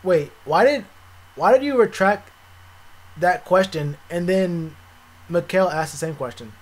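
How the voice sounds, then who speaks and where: A young man streaming live, chatting casually with viewers, animated and repetitive, full of slang. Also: high voice, a little slow. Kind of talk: live stream reaction chat.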